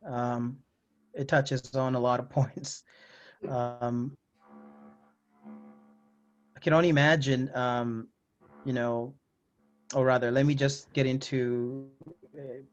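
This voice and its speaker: Slow, flat-voiced male host. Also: mid-range voice, lo-fi sound. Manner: hesitant, with many ums. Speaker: forum host. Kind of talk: moderating a panel discussion.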